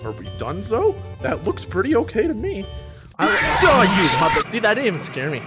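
A young man giving gaming commentary, loud and profane, with sudden yelps and laughs. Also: high voice, wildly swooping pitch, a little fast. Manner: loud, swearing, erratic bursts and laughs. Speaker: gaming YouTuber. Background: game music.

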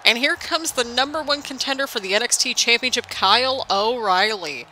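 Fairly high, animated, bright, and forceful, a young woman's voice comes at normal speed with a little hiss or hum. Hosting a gaming channel, she gives chatty, rambling let's-play commentary on a wrestling game, laughing often.

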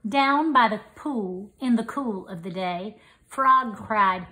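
A woman reading a children's picture book aloud as storyteller, in an expressive sing-song way. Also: mid-range voice, slow pace.

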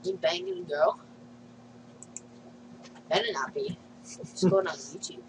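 A man joining a friend's casual prank video chat, tossing out deadpan one-liners and laughing a lot. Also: sits high, a little slow, slight background noise, low-quality recording. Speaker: co-host friend.

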